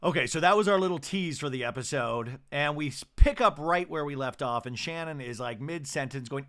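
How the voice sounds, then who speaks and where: A man's voice: on the high side, brisk, hardly any pauses, a bit bright. A man hosting a podcast, campily recapping a reality show episode with chatty asides. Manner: campy, chatty, full of asides and fillers. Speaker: podcast host.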